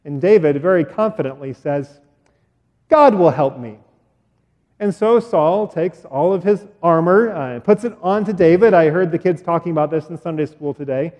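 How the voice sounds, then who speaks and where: A pastor retelling a story in a sermon, animated and acting out sound effects, with fillers along the way. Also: male voice, on the high side, moderate pace, hardly any pauses. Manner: animated, acts out sounds and voices. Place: church. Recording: echoey church hall.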